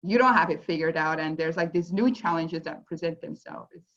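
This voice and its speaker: A woman's voice: low-pitched, a little fast, fairly bright tone. A woman sharing her personal feelings casually, talking with lots of fillers like "like" and "you know". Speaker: guest sharing her experience. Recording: dull lo-fi audio.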